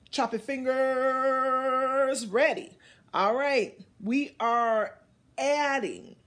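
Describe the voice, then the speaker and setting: A woman teacher leading a phonics lesson for young children, slowly and deliberately modeling words and encouraging them. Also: a little high, gravelly.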